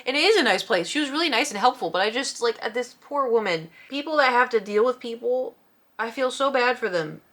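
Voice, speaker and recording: A woman's voice: a little high, lively intonation, a little fast, fairly bright tone. A woman vlogger telling a rambling, self-deprecating story in a casual storytime vlog.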